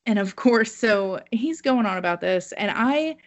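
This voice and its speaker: Animated storytelling woman who swears. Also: medium pitch, measured pace. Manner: animated, swears freely, laughs at herself. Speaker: podcast co-host. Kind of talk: casual storytelling.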